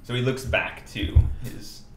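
A man tells what his character does in a tabletop game, in an unhurried, casual way. His speech is slow and mid-pitched. The room sounds echoey, with faint noise behind. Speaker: player. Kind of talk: describing his character's actions.

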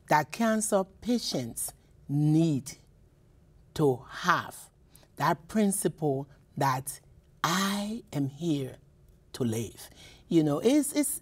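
A woman's voice: on the low side, slightly rough. A woman from Liberia, a poet and professor, telling personal stories in a radio interview, with many repeats and restarts. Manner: emotional, repeats words, restarts often.

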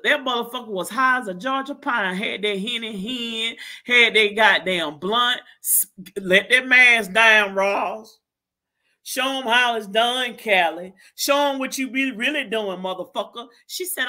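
A woman's voice: fairly high pitch, pushed and bright. A woman hosting a live stream, ranting in a brash, profane way and laughing as she goes. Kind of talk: heated live-stream rant.

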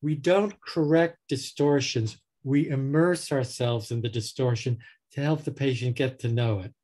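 A man's voice: mid-range voice, fairly even intonation, a little slow, darkish tone. A man, a psychotherapist, explaining his clinical approach through patient stories with dry humor, recorded over a video call. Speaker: psychotherapist guest.

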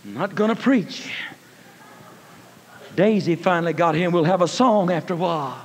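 A man preaching a sermon, telling a story in a folksy manner, calling listeners honey and rising to shouted praise. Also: high-pitched, normal speed. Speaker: evangelist. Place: church. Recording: long reverb of a church hall.

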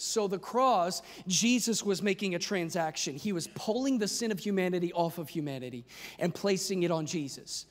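A male pastor preaching a sermon with impassioned delivery, at times rising to a shout. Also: high voice, fairly quick. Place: large church hall. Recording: long reverb of a large church hall.

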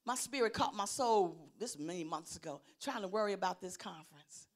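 A middle-aged woman pastor preaching a sermon, swinging from loud declarations to low, quiet asides and calling out for responses. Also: animated, brisk.

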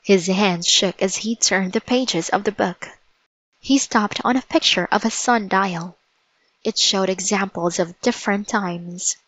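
A woman reading a children's chapter book aloud as narrator, in a slow, deliberate storytelling manner. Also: medium pitch, a bit bright, no room sound, rough recording. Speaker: storybook reader.

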